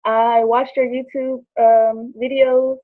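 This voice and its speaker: A woman's voice: a little high, takes it slowly, dry recording. Young woman on a tinny call. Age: 20s. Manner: acts out quoted dialogue with lively voices. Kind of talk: animated personal storytelling. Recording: dry tinny phone-like line.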